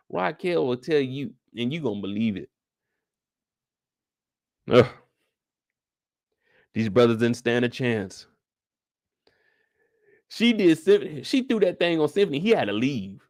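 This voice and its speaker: A man hosting a TV after-show, recapping an episode in animated, slangy storytelling to his viewers. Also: fairly high pitch, a little slow, gravelly, pauses often, dry recording, clean studio sound. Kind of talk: casual episode recap commentary.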